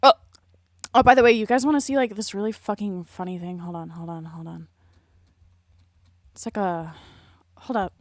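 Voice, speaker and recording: A woman's voice: mid-range voice, normal speed, long pauses, no echo, studio quality. A woman streaming, chatting casually in a blunt, rambling way and swearing a lot. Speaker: streamer reacting to a video.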